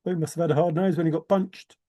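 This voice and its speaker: A man's voice: a little high, fairly even intonation, very fast, mellow. A man rambling in a teasing, giggly solo monologue, often laughing and repeating words. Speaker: treasure-hunt video maker.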